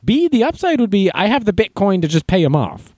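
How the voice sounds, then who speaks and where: A man's voice: sits high, big pitch swings, a little fast, darkish tone, no echo. A man hosting a casual livestream, reading chat messages and news aloud with sarcastic, mocking asides. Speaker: livestream host.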